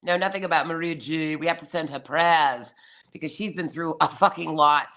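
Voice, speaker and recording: A woman's voice: low-pitched, normal speed, a bit bright. A woman hosting a casual live stream, dramatic and swearing freely, calling everyone darling.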